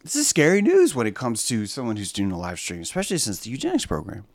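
A man hosting a live stream, talking in a rambling, sarcastic monologue that swings from low mutters to loud exclamations. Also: wildly swooping pitch, fast talker, no echo.

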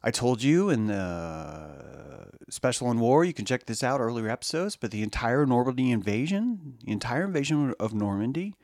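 A man hosting a show in a rambling monologue, restarting his sentences often and acting out quotes in high voices. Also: no echo, studio quality. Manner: animated, acts out quotes in high squeaky voices; repeats words, restarts often, addresses listeners. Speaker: podcast host.

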